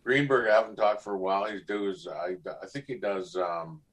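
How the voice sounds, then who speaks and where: Middle-aged man, guest actor, low voice, casual storytelling, acts out voices. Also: a little fast. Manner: animated, acts out voices in anecdotes.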